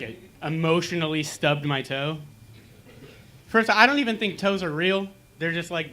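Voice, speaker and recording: A young man doing a stand-up comedy set on a small lounge stage, telling dark jokes in a deadpan way. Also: a little high. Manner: dark deadpan jokes, acting out pained groans.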